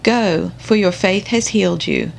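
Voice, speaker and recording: A woman voicing a gentle male teacher who speaks calmly, close to her own reading voice. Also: mid-range voice, a little slow, gravelly, slight background noise, poor audio.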